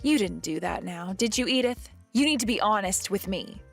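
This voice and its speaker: A woman's voice: medium pitch, expressive, moderate pace, gravelly, faint music behind. A woman voicing a young pregnant wife who firmly confronts her mother-in-law in a dramatized text-message story. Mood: accusing. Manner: firm, demanding answers.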